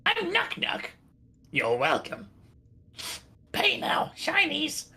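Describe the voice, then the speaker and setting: A man's voice: very high voice, wildly swooping pitch, slow pace, bright, forceful tone, heavily acted. A man voicing a greedy, brash little male goblin player character, in a tabletop game played online. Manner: brash, gleeful, grabby.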